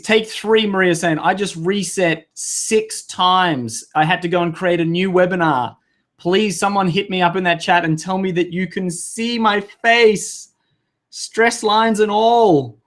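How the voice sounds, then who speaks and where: A man hosting a live webinar, chatty and flustered, swearing and laughing at himself over tech trouble. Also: sits high. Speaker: webinar host. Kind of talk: casual live webinar talk.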